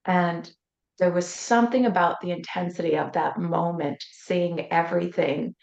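A woman's voice: lowish voice, steady tone, normal speed, vocal fry, darkish tone. A woman, a coach and interview guest, telling a personal story earnestly and acting out the voices she quotes. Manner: earnest, vivid retelling that acts out quoted voices. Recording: roomy, slightly dull sound.

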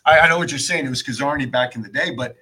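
Bright, husky-voiced man chatting wrestling. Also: medium pitch, very fast. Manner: chatty, laughs often, restarts sentences. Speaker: podcast co-host. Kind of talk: casual wrestling chat.

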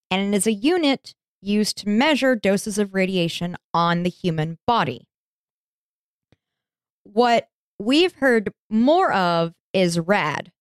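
A woman's voice: mid-range voice, clean tone, no echo, clean studio sound. A woman hosting a podcast, telling a history story in a chatty, informal way and swearing casually. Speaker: podcast host.

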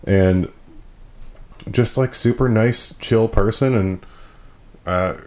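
A man with a very low, deep voice hosts a casual podcast. He rambles through his points with plenty of fillers and pokes fun at himself. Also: slow, darkish tone. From Michigan. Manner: rambling, self-deprecating, frequent fillers. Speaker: podcast host.

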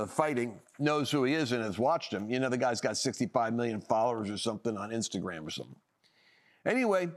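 Hosting a political talk show, a man with a medium-pitched voice gives opinionated commentary, emphatic and sarcastic, frequently restarting his sentences.

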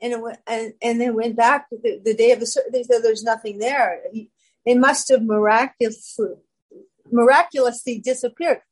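A woman guest telling her personal story in casual talk, animated and acting out quoted voices. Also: fairly high pitch, moderate pace, rough recording.

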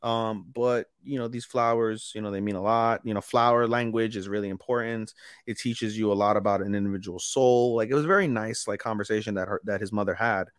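A man co-hosting a casual anime podcast, retelling scenes with animated quoted lines. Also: lowish voice, a little fast, clear, resonant tone, no room sound, studio quality. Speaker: podcast co-host.

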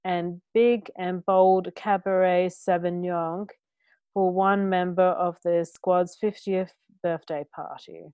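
A woman co-hosting a podcast in casual chat, easygoing and quick to giggle. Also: fairly low pitch, flat delivery, mellow, clear, resonant tone, no echo, highs cut off. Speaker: podcast co-host.

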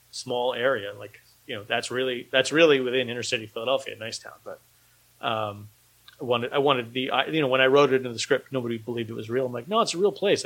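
Man, indie filmmaker guest, rambling, dry sarcasm, casual podcast chat, medium pitch. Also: a bit bright, poor audio.

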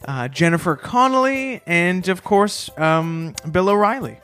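A man co-hosting a comedy podcast, delivering mock-earnest tributes with deadpan timing in casual banter. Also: high-pitched, a little slow, clear, resonant tone, faint music behind. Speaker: podcast co-host.

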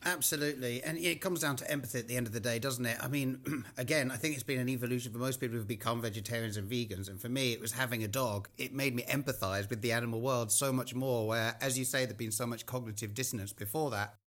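A man hosting a podcast, speaking in a measured way and asking reflective questions in casual conversation. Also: medium pitch, fairly even intonation, fairly bright tone. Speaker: podcast host.

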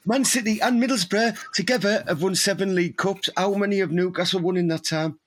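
A man's voice: high-pitched, fairly even intonation, a little fast. A man, rambling and laughing through crude comic banter as a podcast co-host.

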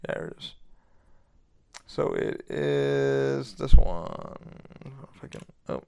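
A man hosting a podcast, talking in a rambling, excitable way and swearing a lot. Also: mid-range voice, slow, creaky, clear, resonant tone, no echo. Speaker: podcast host. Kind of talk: casual monologue.

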